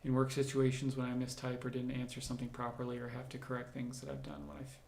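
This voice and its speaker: Flat-voiced man answering viewers live. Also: medium pitch, fast, vocal fry, echoey room, a little hiss or hum. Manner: conversational, explanatory, thinks aloud while answering. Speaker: doctor hosting a live Q&A. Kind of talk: livestream Q&A, reading and answering viewer comments.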